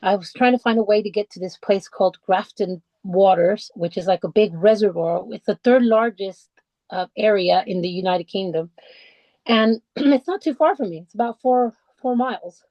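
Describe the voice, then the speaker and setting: A woman speaking as a podcast guest, telling her own story with plenty of restarts and pauses. Her voice sits at a middle pitch. The recording is close and dry, with no room echo. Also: muffled recording. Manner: halting, many restarts and fillers, heartfelt. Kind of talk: personal conversational storytelling. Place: lives in the English countryside.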